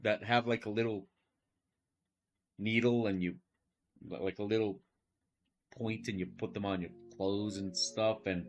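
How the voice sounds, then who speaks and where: A man's voice: fairly low pitch, fairly even intonation, measured pace, pauses often. A man who teaches, chatting casually and with incredulity during a live art stream, rambling and swearing now and then.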